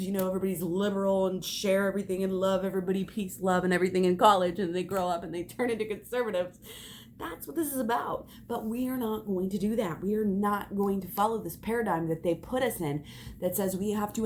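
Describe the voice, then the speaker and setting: A woman's voice: lowish voice, moderate pace, darkish tone, slight background noise. A young woman giving an emphatic spiritual pep talk as a tarot reader, swearing and laughing as she speaks.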